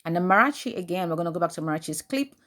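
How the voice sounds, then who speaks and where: A woman's voice: on the low side, expressive, racing, fairly bright tone. A woman host and life coach, recounting a news story in casual commentary and translating a clip as it plays. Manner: recounting and translating a clip line by line, acting out quoted speech.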